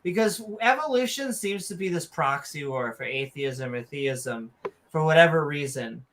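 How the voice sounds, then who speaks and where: A man with a Northeast US accent, co-hosting a casual podcast in a rambling, animated way with many ums. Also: fairly high pitch, moderate pace, very noisy. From Philadelphia area. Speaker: co-host.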